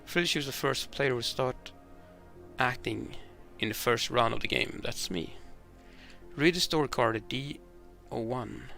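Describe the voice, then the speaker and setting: Gravelly man reading game rules aloud. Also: medium pitch, measured pace, sharp tone, soft background music. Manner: hesitant, reads rules aloud, many restarts. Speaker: board game player demonstrating a game. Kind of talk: thinking aloud while playing solo.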